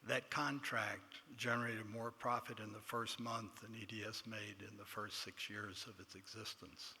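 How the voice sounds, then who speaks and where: An older man speaking with a Texan accent gives an anecdotal award acceptance speech, self-deprecating and full of quoted dialogue. His voice is on the low side and steady, at normal speed. The setting is a large banquet hall, heard through long reverb and faint room noise.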